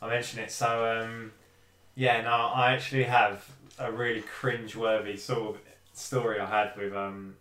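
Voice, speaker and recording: Halting man, echoey room. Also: lowish voice, little pitch movement, a bit bright, recorded from a distance. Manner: hesitant, many fillers and restarts. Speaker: podcast co-host. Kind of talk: casual chat, storytelling. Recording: echoey room, voice a bit off-mic.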